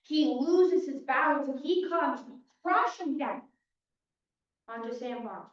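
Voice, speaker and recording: This young adult woman has a high voice with lively intonation and a slow delivery. As the defense attorney in a mock trial, she gives a dramatic opening statement built from punchy short sentences, heard distantly in a dull, echoey hall.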